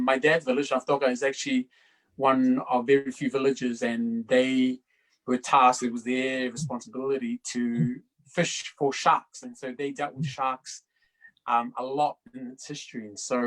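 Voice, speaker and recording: A man's voice: medium pitch, poor audio. Easygoing New Zealand man, actor. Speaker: actor on a cast panel. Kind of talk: casual introduction on a video call.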